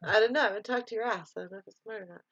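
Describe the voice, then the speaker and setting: A woman's voice: medium pitch, rapid-fire, a bit bright, dry recording, dull audio. A woman hosting a casual live stream, chatting loosely, laughing often and answering viewer comments.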